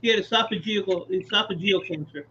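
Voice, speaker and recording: A man with a notably high voice tells rambling stories and chuckles along the way. He swears casually. His sound is dull and lo-fi, with faint background noise. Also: a little fast, sharp tone. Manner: laughs while telling stories, swears casually. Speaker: guest on a live scrap chat. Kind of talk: casual storytelling chat.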